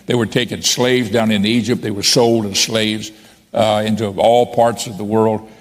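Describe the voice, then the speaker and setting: A man's voice: lowish voice, fairly even intonation, moderate pace, long reverb tail. A man preaching a sermon as a bishop, quoting scripture and raising his voice emphatically for key points.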